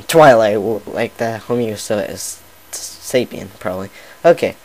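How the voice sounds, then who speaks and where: A man's voice: on the low side, expressive, a little slow, poor audio. A man casually reading a fan fiction story aloud, often stumbling and restarting his words. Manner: stumbling, many fillers and restarts. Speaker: story reader.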